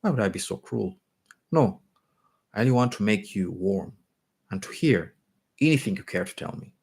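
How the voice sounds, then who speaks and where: A man voicing a wealthy, impulsive young woman as he reads a short story aloud, with an eager, breathy, pleading way of talking. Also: lowish voice, lively intonation, normal speed, a little mellow, heavily acted. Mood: reassuring.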